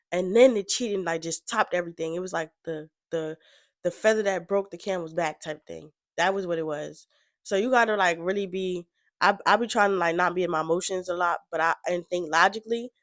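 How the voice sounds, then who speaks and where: A woman's voice: on the low side, no echo. A woman giving casual reaction commentary, rambling and frank, full of fillers. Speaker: reaction vlogger.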